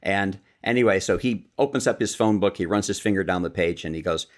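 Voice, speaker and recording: A Chicago man appears as a podcast guest, telling stories in a lively way and acting out the quoted lines. His voice is very low, and he talks a little fast.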